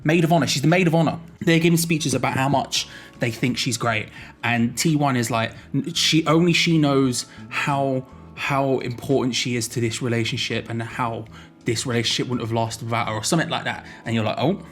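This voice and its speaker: A man's voice: medium pitch, steady tone, brisk, faint music behind. A young man giving a jokey, rambling explainer vlog, often correcting himself mid-sentence. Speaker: YouTuber.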